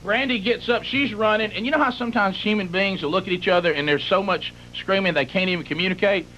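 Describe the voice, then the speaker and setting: A man's voice: high voice, fast, bright, forceful tone. A middle-aged man, hosting a radio show and telling a comic story in a rambling, exaggerated way that piles up details. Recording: muffled broadcast with faint hum.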